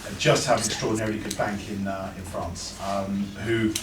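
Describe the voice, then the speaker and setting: A man gives an informal talk to an audience, chatty and full of anecdotes, often stumbling over his words as he restarts sentences. His voice sits on the lower side. It is heard from a distance in an echoey room with noticeable background noise. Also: steady tone, brisk. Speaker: speaker at a breeders' talk.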